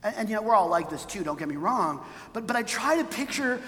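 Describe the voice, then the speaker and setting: A preacher talks through a sermon like a chat, tagging points with "right?" and briefly acting out quoted voices. The voice sits mid-range, neither high nor low. It rings out with a long hall reverb. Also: very animated, brisk, bright, forceful tone. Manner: conversational, tags points with "right?"; acts out quoted voices for emphasis.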